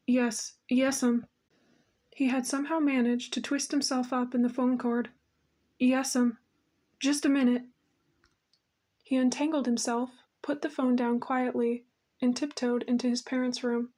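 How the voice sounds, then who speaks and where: A woman narrating an audiobook with a steady, even storytelling manner. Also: high-pitched, normal speed.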